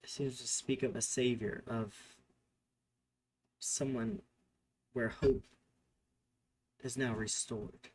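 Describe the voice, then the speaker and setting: A man's voice: medium pitch, fairly even intonation, slow pace, pauses often, breathy edge. A man narrating a tabletop game as game master, describing scenes off the cuff and often correcting himself mid-sentence. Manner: improvised description with fillers and self-corrections.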